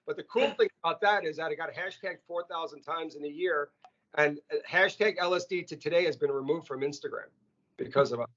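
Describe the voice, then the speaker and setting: A man being interviewed as a restaurant chief, telling stories in a lively, casual way and often repeating words. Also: a little high, a little fast. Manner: animated, repeats words when excited. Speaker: restaurant CEO, interview guest. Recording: muffled lo-fi audio.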